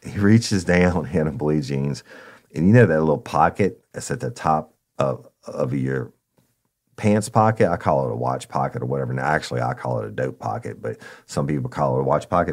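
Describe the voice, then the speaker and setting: A man, a former narcotics officer telling a true crime story in a blunt, profane way. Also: darkish tone. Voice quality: gravelly, very deep. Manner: blunt and profane, addressing listeners as y'all.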